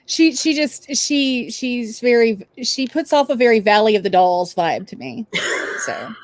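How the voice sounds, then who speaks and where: A woman's voice: a little high, animated, measured pace, dry recording. A woman from the Southern United States, co-hosting a casual chat, hesitant and wry, often trailing off.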